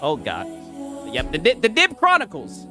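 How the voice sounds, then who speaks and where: A man hosts a casual stream, rambling through reactions and mocking his chat with a steady stream of "right?" tags. His voice sits a bit high and swings widely in pitch, and faint music plays underneath him the whole time. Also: normal speed. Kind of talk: casual livestream commentary. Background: music playing.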